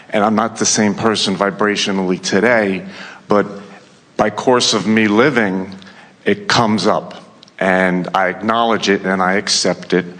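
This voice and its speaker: A man in a seminar audience earnestly asking a personal question, a little halting. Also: low-pitched, a bit bright. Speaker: audience participant. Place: live seminar hall. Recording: long hall reverb.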